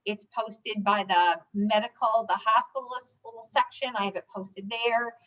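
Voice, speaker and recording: A woman's voice: a little high, steady tone, normal speed, fairly bright tone, poor audio. A woman who teaches staff on a rehab unit, presenting informally with many ums and you knows. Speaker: rehab unit nurse educator.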